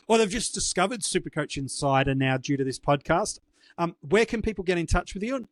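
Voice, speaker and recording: An Australian man hosts a podcast in an upbeat, chatty voice that sits a little high. He runs through plugs and thank-yous with easy patter. The sound is dry. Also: dry recording. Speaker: podcast host. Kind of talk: podcast hosting.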